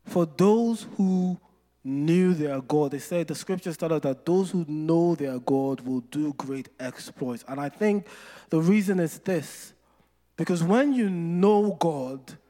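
A male preacher with a fairly high voice, preaching a sermon. He tells stories with playful asides and slows down hard on scripture lines. His voice rings through a hall with long reverb. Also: warm tone. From Nigeria.

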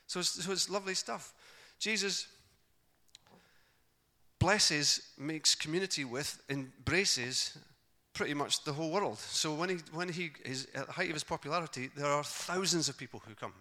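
A man preaching a sermon, telling the gospel stories in a lively way and acting out the characters' lines. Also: a little high, moderate pace. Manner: animated storytelling, acting out voices of the characters.

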